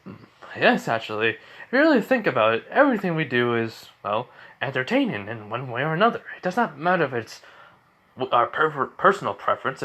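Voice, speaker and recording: A man's voice: a little high, a bit bright, voice pushed up. A teenage boy voicing a young demon showman with a radio host's charm, theatrical and drawn out.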